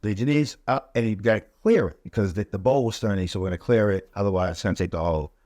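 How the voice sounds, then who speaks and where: A man, a podcast guest, telling his story in a relaxed, casual way with many fillers, and growing animated as he relives the events. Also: fast talker, no echo, clean studio sound. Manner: animated, rising pitch when reliving events.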